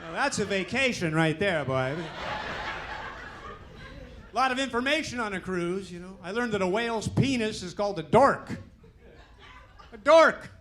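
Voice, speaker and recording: A man with a high, lively voice works through a stand-up set on a club stage, punchy and animated, slipping into quick character bits. Audience laughter rolls in between jokes over faint room noise from the club. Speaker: stand-up comedian.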